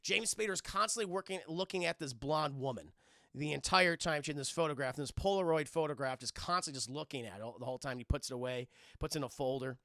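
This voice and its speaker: Excitable high-voiced man with gravelly edge. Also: fast, dry recording, studio quality. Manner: excitable, rambling, swears a lot, restarts often. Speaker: streamer reviewing a film. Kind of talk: casual live-stream recap to chat.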